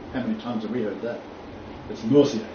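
A man's voice: lowish voice, fast. Blunt joking man lecturing. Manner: blunt, joking, laughs often, animated. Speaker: Bible teacher lecturing a class. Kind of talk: informal lecture. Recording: echoey room from far off, dull, faint noise.

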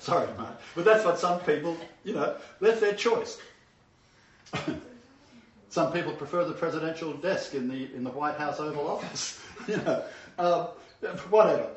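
An older man in his sixties preaching a sermon, swinging between emphatic loud bursts and hushed, low asides. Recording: roomy, distant, dull-sounding hall recording.

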